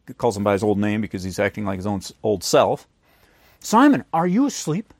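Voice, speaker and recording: A man's voice: fairly low pitch, fairly even intonation, fast talker, gravelly, a little mellow, dry recording. A man preaching a sermon who acts out the voices of the people in his stories. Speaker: pastor.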